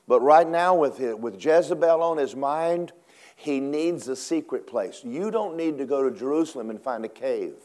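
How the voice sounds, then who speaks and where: Man, preaching a sermon, very lively pitch, dramatic swings between hushed and loud. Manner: animated, dramatic swings from low murmurs to high acted cries.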